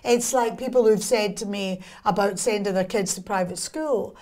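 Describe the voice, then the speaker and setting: A Scottish woman from Scotland, a guest in an interview, talking in a casual way and telling lively stories with quick, wry humour. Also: mid-range voice.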